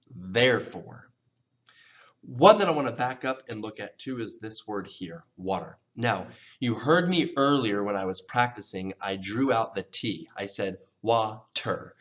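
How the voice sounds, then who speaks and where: A man teaching English pronunciation, patiently repeating words slowly for learners to copy. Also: mid-range voice, lo-fi sound. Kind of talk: pronunciation lesson.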